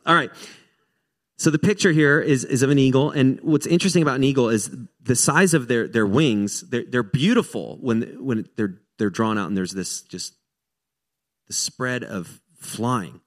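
An American pastor preaches in a relaxed, conversational way at a middle pitch for a man. He keeps restarting his sentences and wanders into self-mocking asides before he brings the talk back to the scripture. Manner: casual, self-deprecating asides with frequent restarts. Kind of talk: sermon.

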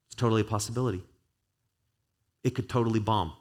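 Low-voiced man preaching a casual sermon. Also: fast, darkish tone. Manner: earnest, conversational preaching with prayer. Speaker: pastor.

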